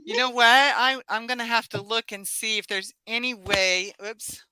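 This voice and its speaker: Easygoing woman host, fairly high and bright; dry, close home-stream sound. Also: steady tone, normal speed, clean tone, no room sound, poor audio. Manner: easygoing, laughs, trails off in fillers. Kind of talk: casual livestream chat.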